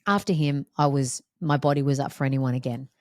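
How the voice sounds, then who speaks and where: A woman's voice: very deep voice, fairly quick, a little mellow, no echo, studio quality. A woman hosting a reflective solo podcast, talking in an emphatic, repetitive, heartfelt way. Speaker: podcast host.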